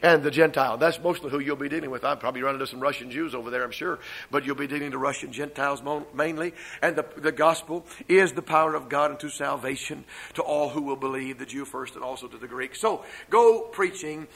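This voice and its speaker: An older man preaching a sermon as pastor, stressing slow repeated refrains between fast stretches. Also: medium pitch, gravelly, a bit bright, rough recording.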